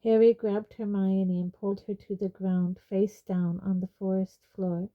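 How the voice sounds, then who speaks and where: A woman reading a fantasy novel aloud in a measured audiobook narration. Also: mid-range voice, little pitch movement, phone-quality sound. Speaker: reader.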